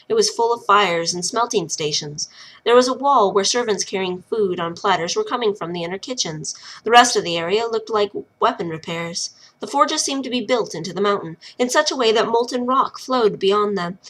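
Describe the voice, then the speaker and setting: A woman reads a chapter of her own novel aloud and narrates in a plain, unhurried way. She trips over a word now and then and corrects herself. Her voice is bright and sits at an ordinary middle pitch. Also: expressive.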